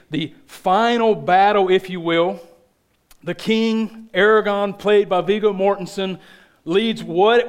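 A man with a thick Southern accent preaching a sermon as a pastor, telling stories with animated emphasis. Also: high voice, smooth.

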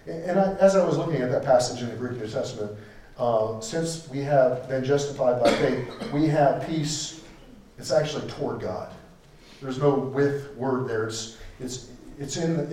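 A man preaching a sermon, emphatic, repeating key phrases for stress and switching between loud declarations and quiet asides. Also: medium pitch. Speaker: pastor. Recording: echoey room, voice from a distance.

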